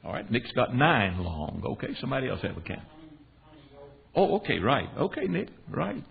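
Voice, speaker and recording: A man's voice: medium pitch, normal speed, creaky. An American man teaching a Bible class for men, telling stories and asking his class questions. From United States. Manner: animated, storytelling, quizzes his class. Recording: tinny phone-like recording with faint hiss.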